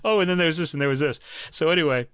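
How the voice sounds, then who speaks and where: A man co-hosting a casual podcast, a chatty storyteller who gets animated when quoting people. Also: on the high side, very fast, clean tone, no echo, clean studio sound. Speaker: podcast co-host.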